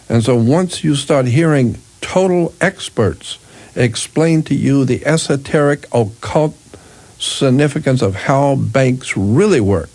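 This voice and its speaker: An older man with a mid-range, darkish voice hosts a radio talk show, emphatically explaining his views. He repeats himself and restarts sentences often.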